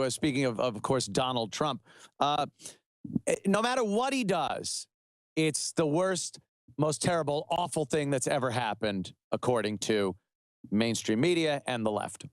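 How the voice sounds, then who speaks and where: A man's voice: medium pitch, expressive, normal speed, no echo, studio quality. A middle-aged man hosting a web show, delivering sarcastic, mocking political commentary with heavy emphasis.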